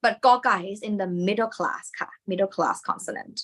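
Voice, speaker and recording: A woman's voice: medium pitch, rapid-fire, fairly bright tone. A woman with a Thai accent teaching a live lesson, explaining step by step in non-native English, checking in with her learners and adding Thai polite particles.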